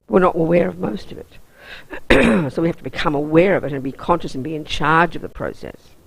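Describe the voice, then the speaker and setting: An Australian Buddhist nun teaches a weekend course, intense, emphatic and down-to-earth. Her voice sits low and is creaky and husky, she speaks a little fast, and the recording quality is low.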